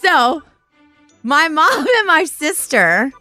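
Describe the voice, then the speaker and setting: Lively high-voiced woman host. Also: slow, no room sound, faint music behind. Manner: animated, laughing often, acting out quotes. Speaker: podcast host. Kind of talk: casual live-stream storytelling.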